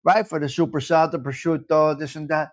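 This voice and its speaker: Man, new york accent, live show host, blunt and opinionated, animated talk, repeats lines for emphasis. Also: a little high, a little fast. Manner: blunt, opinionated, drops Italian phrases. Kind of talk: casual live-stream chat.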